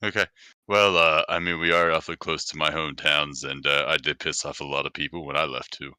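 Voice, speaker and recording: Man, very deep gravelly voice, very bright edgy tone, blunt casual gamer talk. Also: flat delivery, fairly quick. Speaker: player. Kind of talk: casual tabletop role-play.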